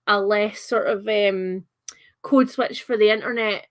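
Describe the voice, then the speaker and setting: A woman's voice: mid-range voice, fairly even intonation, measured pace. A young adult woman with a Scottish accent chatting on a livestream, reading out comments with lots of fillers and giggles. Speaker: livestream host.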